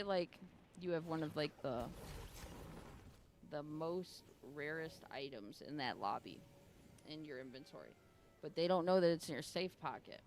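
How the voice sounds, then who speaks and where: A woman with a fairly low voice spins a loose, meandering story for her stream audience. She leans hard on "like" and drops casual swears as she goes, acting out what each person said. A faint background noise sits under her voice. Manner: rambling, full of "like" and frequent swearing; retells chats by voicing both sides. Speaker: game streamer.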